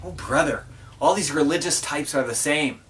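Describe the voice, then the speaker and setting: A man's voice: fairly high pitch, normal speed, fairly bright tone, far from the mic, slight background noise, close to an everyday voice. A man voicing an impatient, sarcastic temple guard who mutters complaints under his breath. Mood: exasperated.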